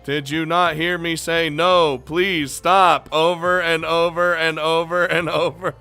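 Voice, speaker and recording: A man's voice: a little high, little pitch movement, unhurried, pushed and bright, clean tone, faint music behind, voice pushed up. A man reading a young girlfriend's lines in a raised, mocking put-on voice. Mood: reproachful. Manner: reading text in a raised mock voice. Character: young woman girlfriend, annoyed and stern.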